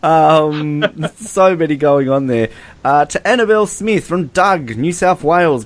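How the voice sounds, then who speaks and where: Brief: male podcast host, playful and giggly, pitch jumping around a lot, voice on the high side. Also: lively intonation, unhurried. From Australia. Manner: playful, laughs often through his own lines. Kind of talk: casual chat, reading fan messages aloud.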